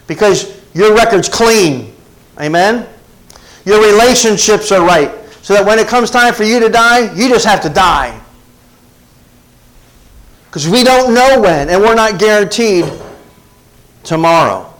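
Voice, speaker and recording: Preacher guy, kinda high voice, keeps asking the crowd if they're with him. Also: animated, a little slow, long pauses, fairly bright tone, low-quality recording. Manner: preaching with call-and-response asides to the congregation. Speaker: pastor. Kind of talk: sermon.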